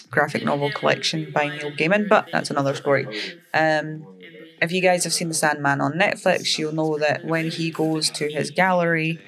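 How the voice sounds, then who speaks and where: A woman's voice: low voice, rough recording. A woman giving rambling, casual commentary over her Minecraft gameplay late at night, tired and full of fillers. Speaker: Minecraft server player and YouTuber.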